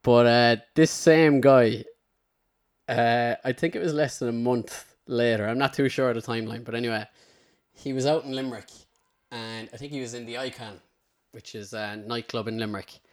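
A man's voice: medium pitch, fairly even intonation, moderate pace. An Irish man hosting a podcast, telling a long, rambling anecdote in a casual way and slipping into the voices of the people in his story. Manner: rambling storyteller, slips into character quotes. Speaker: podcast host.

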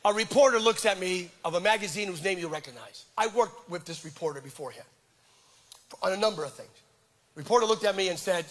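A middle-aged male pastor preaching with animated, self-deprecating personal stories and frequent stammered restarts. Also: high-pitched, fast talker. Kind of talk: sermon with personal storytelling.

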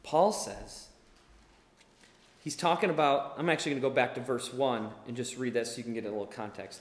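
A male pastor preaching a sermon in an animated way, acting out the people he talks about. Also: mid-range voice, brisk. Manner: animated, acts out quoted voices. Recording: echoey hall with long reverb.

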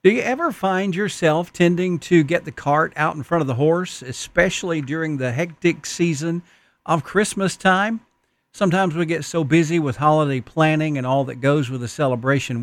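Folksy preacher with a dry, close sound. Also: male voice, fairly high pitch, moderate pace, no echo. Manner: folksy storytelling, earnest. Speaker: pastor. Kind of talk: sermon.

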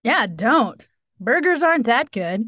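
High, lively woman doing improv. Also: a little slow, no echo, studio quality. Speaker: improv performer. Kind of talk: improv comedy.

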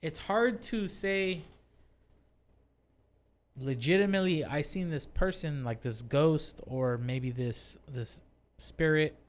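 Animated swearing man, higher voice. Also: slow pace. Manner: swears freely, animated storytelling. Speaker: podcast host. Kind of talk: casual chat, telling a ghost story. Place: his own two-story house.

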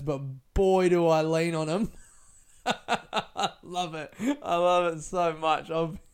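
Smooth-voiced man rambling on his podcast. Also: a little high. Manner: rambling, laughing and self-mocking, swears freely. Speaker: podcast host. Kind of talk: casual solo podcast chat. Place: friend's living room in an apartment.

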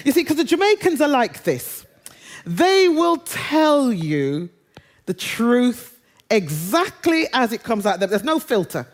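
A woman's voice: fairly high pitch, very animated, measured pace. A British woman preaching a sermon in a conversational, humorous way, drawing out quoted lines and song words. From Britain.

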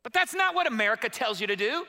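A man's voice: very high-pitched, animated, fast talker, bright, forceful tone. A middle-aged man preaching a fervent call-and-response sermon as pastor in a church sanctuary. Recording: long hall reverb.

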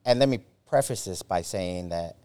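Man, 40s, lowish voice, podcast guest, casual storytelling, profane, halting, lots of fillers. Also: lively intonation, mellow, smooth. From United States. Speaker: former Army Ranger.

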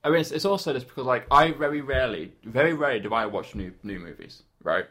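Hesitant podcast co-host, rambling talker, plain mid-pitch voice. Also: male voice, fast talker, fairly bright tone. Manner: rambling, hesitant, lots of fillers. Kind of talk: casual chat.

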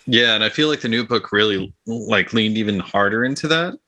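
Lowish bright-voiced guy talking fast about his army, lots of likes and ums. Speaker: podcast co-host. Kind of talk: casual chat about tabletop gaming.

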